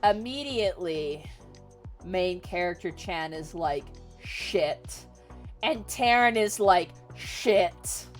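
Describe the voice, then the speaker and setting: A woman's voice: fairly low pitch, expressive, measured pace, soft background music. A woman streamer retelling a book to her chat in a rambling, sarcastic way, swearing and full of fillers.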